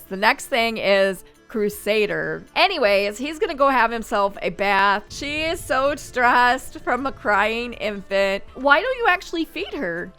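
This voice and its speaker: A woman's voice: on the high side, bright, forceful tone, clear, resonant tone. A woman hosting a gaming channel, chatting and thinking aloud as she plays. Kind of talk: casual Let's Play commentary.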